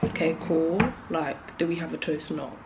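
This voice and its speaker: A woman's voice: deep voice, steady tone, normal speed, creaky, dull audio, background noise. A young woman, chatting casually and nervously to camera while doing her makeup, jittery and close to tears, full of likes and restarts. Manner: nervous, jittery, emotional, trailing off with many likes. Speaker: beauty vlogger.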